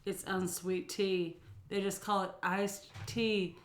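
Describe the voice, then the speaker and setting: Southern woman co-host, loud animated storyteller, mid-pitched, echoey room. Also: slow, a little hiss or hum. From North Carolina. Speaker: podcast co-host. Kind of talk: casual chat.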